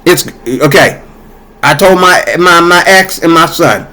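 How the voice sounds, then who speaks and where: High-voiced man ranting heatedly. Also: measured pace, bright, forceful tone, low-quality recording. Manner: heated, repetitive, talks to viewers directly. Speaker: commentator. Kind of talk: casual ranting commentary.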